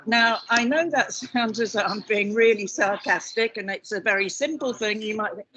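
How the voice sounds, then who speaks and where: A loud, outspoken woman with a chatty manner, speaking as a patient representative on a conference panel. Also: a little high, moderate pace, muffled recording. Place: meeting house in London, busy room. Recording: crowd chatter behind. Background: background chatter.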